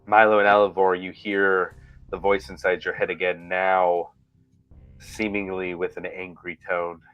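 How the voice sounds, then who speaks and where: A man running a tabletop game as game master, giving steady descriptive narration. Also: sits low, measured pace, smooth, muffled recording, faint music behind.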